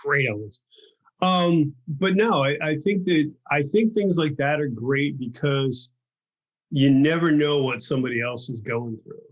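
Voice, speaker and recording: A man's voice: a little high, unhurried, highs cut off. A man hosting a podcast, responding to his guest in a supportive, laid-back way. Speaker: podcast host. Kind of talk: casual interview chat.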